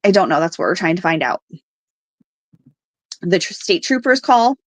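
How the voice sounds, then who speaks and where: A woman in her thirties telling her own family story on a podcast, halting often with fillers and quoting what people said. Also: on the low side, big pitch swings, dry recording. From Alaska. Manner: halting, with fillers and quoted dialogue. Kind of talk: personal story told on a podcast.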